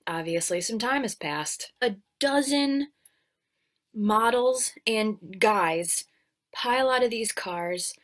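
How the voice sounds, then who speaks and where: A sarcastic woman hosts a comedic movie recap, tearing into the plot with irreverent jokes and offhand swearing. Her voice sits at an ordinary middle pitch for a woman. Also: fairly bright tone. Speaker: host of a movie recap show.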